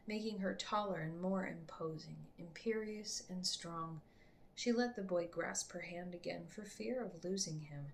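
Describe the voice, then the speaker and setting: A woman reading her own book aloud to her family in an unhurried way, slipping into soft whispers. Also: on the low side, a little hiss or hum.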